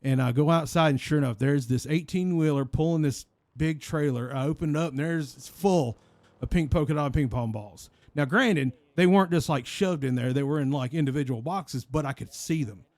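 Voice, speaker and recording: A man in an online role-play game telling a rambling, deadpan shaggy-dog story in character, repeating the same phrase again and again. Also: a little high, moderate pace, dry recording.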